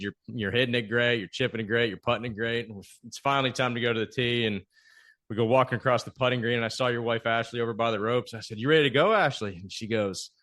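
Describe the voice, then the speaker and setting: Male podcast host, casual storyteller, mid-pitched voice, acts out the dialogue. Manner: animated storyteller, acts out quoted lines.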